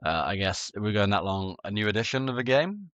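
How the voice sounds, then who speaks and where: A man's voice: fairly low pitch, very animated, brisk, a bit bright, dry recording, dull audio. A man from Yorkshire with a southern English accent, a guest chatting casually on a podcast in a rambling, laid-back way. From Yorkshire, England.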